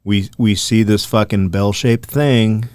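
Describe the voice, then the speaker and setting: A man's voice: on the low side, a little slow, dry recording, clean studio sound. A man co-hosting a podcast, telling a rambling story in casual chat with lots of swearing. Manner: profane, animated, rambling. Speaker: podcast co-host.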